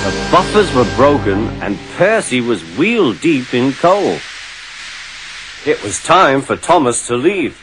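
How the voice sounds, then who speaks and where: A man narrating a children's storybook in an expressive, storytelling way, with music behind. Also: mid-range voice, slow.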